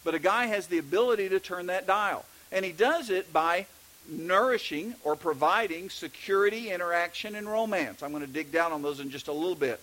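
A man's voice: high-pitched, a little fast, fairly bright tone, rough recording. A middle-aged man with a Texas accent, preaching a sermon in a conversational way with many restarts. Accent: Texan. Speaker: pastor.

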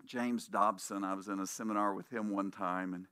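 A man's voice: fairly low pitch, steady tone, moderate pace, bright, forceful tone, smooth, no echo, studio quality. A man preaching a conversational sermon, telling anecdotes and acting out the voices of people in his stories. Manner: puts on voices when quoting people in stories. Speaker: pastor.

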